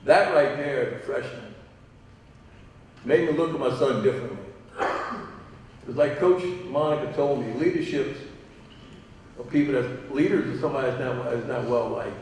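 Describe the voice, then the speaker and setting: Recorded from a distance in an echoey large hall with slight background noise, a middle-aged man speaks as a father inducting someone into a hall of fame. He tells stories animatedly at a normal speed in a mid-range voice, pausing often, acting out quotes and laughing at his own asides during the banquet speech.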